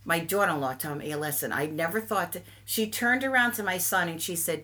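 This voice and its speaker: An older woman chatting casually, telling a family story with emphatic, animated delivery. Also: on the low side, fairly quick, few pauses. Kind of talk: casual chat.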